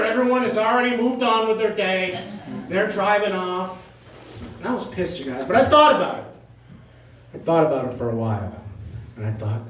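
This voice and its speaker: On a club stage, a stand-up from Maine spins rambling, self-deprecating tales in a high, fairly bright, animated voice at a moderate pace. There's a little hiss or hum, and the distant, echoey recording catches the crowd laughing.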